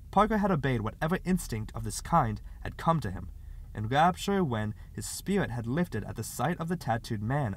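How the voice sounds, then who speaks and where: A man with a medium-pitched voice narrates a short story as an audiobook reader, giving an expressive scripted performance.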